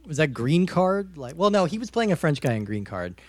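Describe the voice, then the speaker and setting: In a casual film discussion on a podcast, this male co-host gets animated and rambles, packing in fillers like "like" and frequently starting over. He speaks at a moderate pace in a slightly high voice, with clean studio sound and no room sound.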